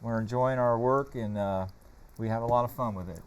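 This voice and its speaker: A man's voice: mid-range voice, a little fast, clear, resonant tone. A man with a Southern American accent, representing a sauce company, chatting casually on a TV set with some fillers. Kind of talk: casual studio chat. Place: TV studio set.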